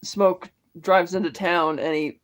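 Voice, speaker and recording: A man co-hosting a casual movie review show, retelling scenes and acting out lines in quick voices. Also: high voice, fairly even intonation, a bit bright, clear, resonant tone. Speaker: podcast co-host.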